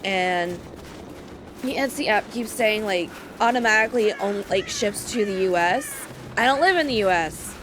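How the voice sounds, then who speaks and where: A young woman streaming a game, chatting casually in animated, laughing rants. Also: medium pitch, normal speed, over music. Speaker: gaming streamer. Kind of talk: casual let's-play chat.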